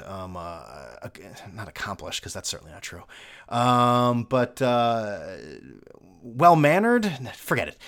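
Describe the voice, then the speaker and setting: A man's voice: medium pitch, a bit bright. A young man hosting a solo podcast, rambling sarcastically from topic to topic with lots of fillers. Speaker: podcast host. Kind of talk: casual solo podcast rant.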